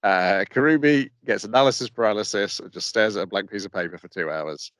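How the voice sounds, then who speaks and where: A man co-hosting a podcast in casual chat, summarizing episodes with many pauses and fillers over a remote call. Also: lowish voice, a bit bright, no room sound. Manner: hesitant, lots of uh and um, summarizing plots. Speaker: podcast co-host. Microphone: remote call mic.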